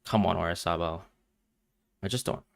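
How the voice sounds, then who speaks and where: A man's voice: low-pitched, fairly even intonation, normal speed, vocal fry, no room sound, studio quality. A man streaming live and reacting emotionally to a football match as he watches, talking to his viewers.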